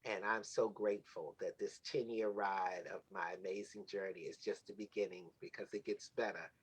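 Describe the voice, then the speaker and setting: A man's voice: lowish voice, fairly even intonation, normal speed, breathy edge, poor audio. Effusive man giving heartfelt thanks. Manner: effusive, sermon-like praise. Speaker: show host. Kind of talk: heartfelt closing thanks on a livestream.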